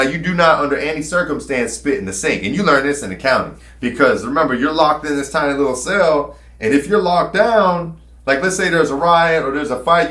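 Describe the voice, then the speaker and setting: Dude telling his story real candid, lots of cussing and ums, kinda high voice, echoey room. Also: a bit bright. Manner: candid, profane, rambling with fillers. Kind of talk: casual storytelling. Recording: roomy echo.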